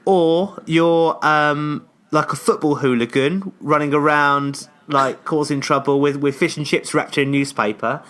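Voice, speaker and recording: A man's voice: on the high side, fairly even intonation, unhurried, few pauses, a bit bright. A British man co-hosting a podcast, talking in a rambling, chatty way with lots of fillers. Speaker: podcast co-host. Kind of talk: casual podcast chat.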